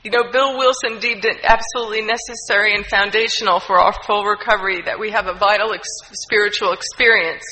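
A woman's voice: mid-range voice, bright, forceful tone. A woman giving an earnest, heartfelt personal testimony, with many fillers. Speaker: speaker sharing a recovery story. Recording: long hall reverb.

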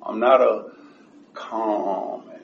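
A man giving a blunt, profane personal share at a support meeting, his voice rising whenever he gets excited. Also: lowish voice, extremely slow, vocal fry. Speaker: recovery group member sharing. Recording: echoey room, distant dull mic.

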